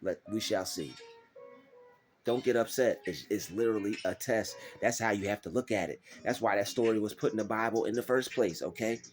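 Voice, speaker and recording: A man giving a faith-based motivational talk, preachy and animated, acting out doubters in mocking voices. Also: on the low side, fairly quick, hardly any pauses, faint music behind. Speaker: motivational vlogger.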